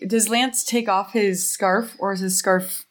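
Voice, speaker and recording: A woman's voice: medium pitch, steady tone, measured pace. A woman playing a tabletop game, thoughtfully describing her character's actions. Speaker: player. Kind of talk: casual chat.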